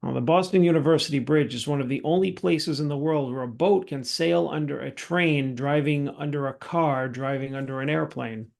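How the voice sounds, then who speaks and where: Gravelly-voiced american guy, middle-aged, cohost cracking jokes and rambling, bit high. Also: moderate pace, few pauses, darkish tone. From United States. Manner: joking, rambling, swears casually. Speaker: podcast co-host. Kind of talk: casual podcast chat.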